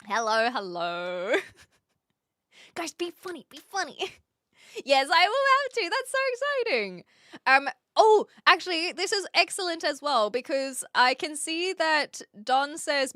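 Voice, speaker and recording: A woman's voice: high voice, bright, forceful tone, no echo, clean studio sound. A woman from New Zealand with a mixed New Zealand, Australian and British accent, live streaming from an attic in a casual, giggly way as she reads viewers' chat aloud.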